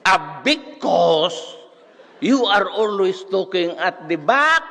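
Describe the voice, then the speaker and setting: Older guy putting on a shrill cranky old professor, barks at students, echoey hall. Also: very animated, slow pace, vocal fry, bright, forceful tone, full character voice. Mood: scolding. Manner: barking, scolding. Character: grouchy old male law professor, shrill.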